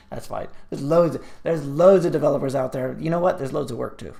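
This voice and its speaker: A man's voice: a little high, normal speed, vocal fry, dark tone. A man hosting a live stream, chatting casually and reading viewer comments aloud, rambling with many fillers and restarts.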